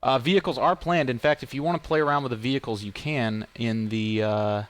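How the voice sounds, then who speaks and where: A man's voice: mid-range voice, fairly even intonation, brisk, no room sound. A man who develops games, chatting casually while playing and rambling through answers with lots of fillers and restarts. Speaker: game developer and streamer. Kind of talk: casual gameplay commentary.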